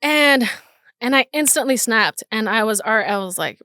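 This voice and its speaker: A woman's voice: a little high, lively intonation, normal speed, bright, forceful tone, dry recording, studio quality. Candid, swearing woman telling a story. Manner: candid, frequent swearing, many restarts. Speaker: podcast host. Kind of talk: casual personal storytelling.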